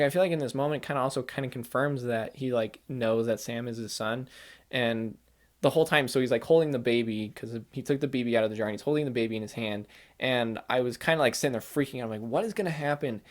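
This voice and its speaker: A man hosting a gaming channel, rambling excitedly through a casual spoiler chat with lots of "like" and "kinda". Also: medium pitch, quick pace. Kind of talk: casual spoiler chat about a video game.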